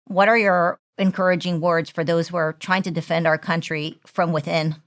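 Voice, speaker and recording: A woman with a fairly low voice hosts an interview. She asks direct, leading questions in a steady, conversational way. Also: normal speed. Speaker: interview host.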